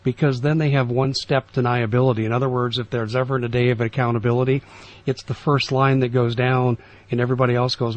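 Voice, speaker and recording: A man's voice: mid-range voice, flat delivery. Earnest man in dull lo-fi radio audio. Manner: earnest, conversational, halting restarts. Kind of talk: radio talk discussion.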